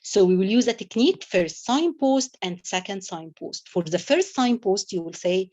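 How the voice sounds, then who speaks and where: A woman's voice: medium pitch, animated, moderate pace, few pauses, dark tone. Coaching woman tutor, muffled audio. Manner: coaching, repeats "okay?" and acts out doctor lines. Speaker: exam tutor. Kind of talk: online exam-prep lecture.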